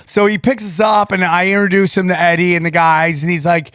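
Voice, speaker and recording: A middle-aged man hosting a podcast, telling a story with excited energy, swearing freely and acting out both sides of a conversation. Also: high voice, a little fast, no room sound, clean studio sound. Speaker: podcast host. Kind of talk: casual chat, storytelling.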